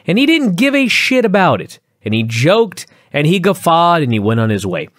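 Animated, ranting man on a dry mic. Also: moderate pace, dry recording. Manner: animated ranting with sweeping pitch swings. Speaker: podcast co-host. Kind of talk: casual wrestling review chat.

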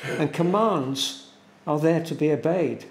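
A man preaches a sermon at a very slow, deliberate pace, leaning on repeated words for weight. His voice is gravelly and sits a little high. The church around him adds a roomy echo. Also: lively intonation, a little hiss or hum. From England. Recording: echoey church room.

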